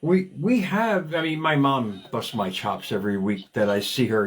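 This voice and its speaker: Man, 50s, talk show host, energetic, digressive, repeats words, mid-pitched voice. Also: normal speed. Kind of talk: motivational talk show chat.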